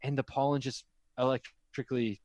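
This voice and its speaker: A man co-hosting a casual comedy podcast, excitable and loose-mouthed. His voice sits mid-range and sounds dry and close to the mic. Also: mid-range voice, moderate pace, no echo. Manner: excitable, swears freely, laughs often. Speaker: podcast co-host.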